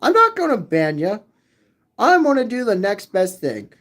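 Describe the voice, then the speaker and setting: A man's voice: high-pitched, wildly swooping pitch, normal speed, fairly bright tone. A man hosting a livestream, rambling to his chat, repeating phrases again and again in a sing-song way. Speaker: livestream host reading chat. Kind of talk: rambling live chat with viewers.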